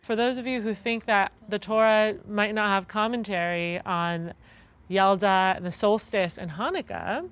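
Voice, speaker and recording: A woman's voice: mid-range voice, normal speed, fairly bright tone. A woman with an American accent co-hosting an evening gathering, talking casually with frequent fillers. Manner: conversational, with fillers like "like" and "um". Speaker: event co-host. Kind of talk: casual spoken presentation to a gathering.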